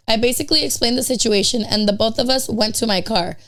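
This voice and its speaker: Brief: woman podcast host, bit higher pitch, casual storyteller, reads a prepared anecdote. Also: fairly quick, hardly any pauses, pushed and bright, clear, resonant tone. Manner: chatty, storytelling.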